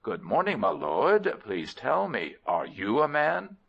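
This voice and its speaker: A man's voice: mid-range voice, wildly swooping pitch, takes it slowly, creaky, breathy edge, heavily acted. A man voicing a young male lion who talks in a polite, eager, curious way. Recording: dull lo-fi recording.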